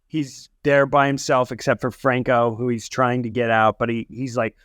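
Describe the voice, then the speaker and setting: A man's voice: medium pitch, flat delivery, moderate pace, fairly bright tone, dry recording, clean studio sound. A man co-hosting a podcast, chatting casually about a movie, laughing often and acting out quotes. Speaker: podcast co-host. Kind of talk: casual movie review chat.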